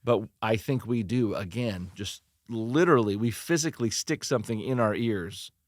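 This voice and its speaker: A middle-aged man, a pastor, giving earnest, animated encouragement in a podcast interview, often restarting his sentences. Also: lowish voice, moderate pace, no echo, clean studio sound. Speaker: pastor and church leadership consultant.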